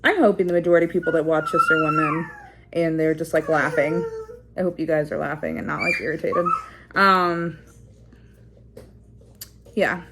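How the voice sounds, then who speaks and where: Reflective, rambling woman with a lowish voice. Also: wildly swooping pitch, normal speed, long pauses, very noisy. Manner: reflective and rambling, with many fillers and restarts; explains like a teacher, checking in with "okay?" and "right?". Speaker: parenting vlogger. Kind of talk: casual talk to camera.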